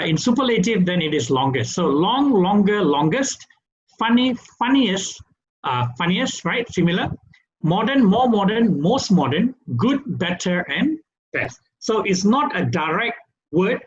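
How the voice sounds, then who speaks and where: A man's voice: high-pitched, slight background noise. A man with a Malaysian English accent teaching English grammar in an online webinar, checking in with "right?" after each point. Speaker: English trainer. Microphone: webinar computer mic. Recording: dull lo-fi webinar audio.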